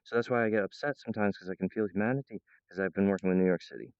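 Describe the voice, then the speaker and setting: Low-voiced guy rambling to his viewers, smooth tone, dry close sound, laughs mid-sentence. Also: very fast, a little mellow, dry recording, dull audio. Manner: acts out other people's voices in a high pitch.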